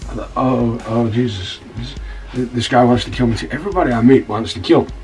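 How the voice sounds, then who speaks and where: A man's voice: mid-range voice, fairly quick, a little mellow, distant mic, faint music behind, lightly acted, poor audio. Man playing a rambling, profane scoundrel. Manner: rambling, stammering storyteller, blunt and profane. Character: rough-talking scoundrel man telling a wild story. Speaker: narrator.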